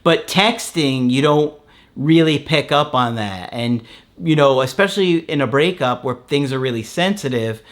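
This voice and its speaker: A man's voice: mid-range voice, normal speed. Man chatting loosely as a host. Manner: relaxed, storytelling with many fillers. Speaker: relationship coach and host. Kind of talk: casual podcast chat.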